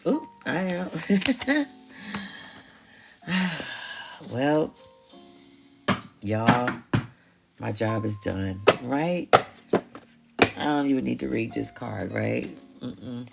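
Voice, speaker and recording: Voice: medium pitch, lively intonation, slow, vocal fry, pauses often, darkish tone, faint music behind. A tarot reader hosting a live stream, talking casually and bluntly with slang, swearing and frequent laughs.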